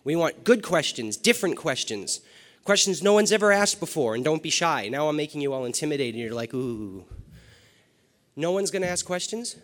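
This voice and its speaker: A man moderating a fan panel, joking with the crowd and hyping it up with direct, energetic talk. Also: fairly high pitch, fairly quick. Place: large half-full stadium. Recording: long reverb of a big arena.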